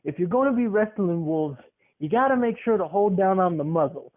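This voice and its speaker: A gritty old grandma hosts a wildlife show, giving tips in a folksy, instructive way, as a man puts her on. The voice sits high. The recording is thin and phone-like. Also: animated, a little fast. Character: tough older grandmother hosting a wildlife show. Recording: tinny phone-like sound.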